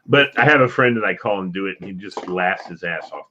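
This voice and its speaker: A man co-hosting a casual talk show, telling an animated story and acting out the people in it. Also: low voice, a little fast, muffled recording, slight background noise. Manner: animated storyteller who acts out voices. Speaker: co-host.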